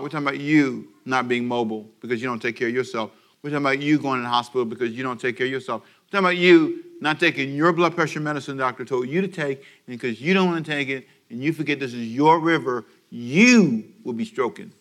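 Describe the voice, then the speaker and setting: This broadcast comes from a church service, where a man preaches a high-energy radio sermon in a brisk, medium-pitched, slightly bright voice. Call-and-response and little acted-out scenes fill his delivery.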